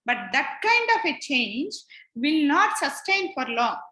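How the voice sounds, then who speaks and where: A woman's voice: high-pitched, big pitch swings, a little slow, sharp tone, echoey room. A woman giving a scripture study lecture, explaining patiently and repeating her points as she retells a story.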